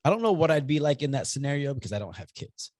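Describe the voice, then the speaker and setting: A young man co-hosting a podcast in casual chat, telling rambling, animated stories and swearing freely. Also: on the high side, fast talker, no echo. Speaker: podcast co-host.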